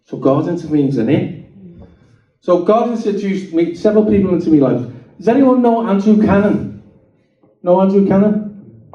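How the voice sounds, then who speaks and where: A man's voice: high-pitched, normal speed, long pauses. A man giving his testimony to a live audience, telling stories animatedly and acting out the voices in them. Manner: animated storyteller acting out dialogue. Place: meeting hall. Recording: dull, roomy sound from a distant mic.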